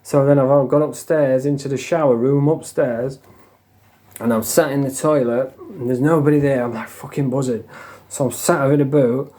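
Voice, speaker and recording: A man's voice: mid-range voice, steady tone, normal speed, mellow. A man telling stories in a blunt, casual way, with lots of swearing and a laugh now and then. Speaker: storyteller. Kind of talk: casual storytelling.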